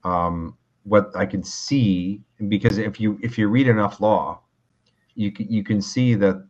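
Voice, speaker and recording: A Canadian lawyer, a man, calmly explaining legal reasoning in a casual interview, with frequent restarts. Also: fairly low pitch, lo-fi sound. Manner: measured, calm, explains with restarts. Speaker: lawyer guest.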